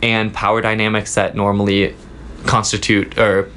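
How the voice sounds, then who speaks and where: Soft-spoken young man, halting storyteller. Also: on the low side, completely flat delivery, a little hiss or hum. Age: young adult. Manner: storytelling, halting with many fillers. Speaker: student guest. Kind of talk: casual interview chat. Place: office.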